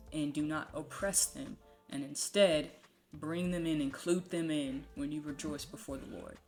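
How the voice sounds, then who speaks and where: Woman, low voice, casual Bible lesson, conversational, faint background music. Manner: conversational, frequent "um" and "right?" tags. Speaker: Bible teacher. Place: home with a puppy nearby.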